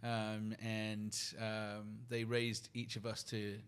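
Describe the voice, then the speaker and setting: A man from the UK with a British accent, a podcast guest telling his story in an earnest, reflective way, listing his thoughts slowly with pauses. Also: lowish voice, monotone, clean tone. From United Kingdom. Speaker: guest, company leader and keynote speaker.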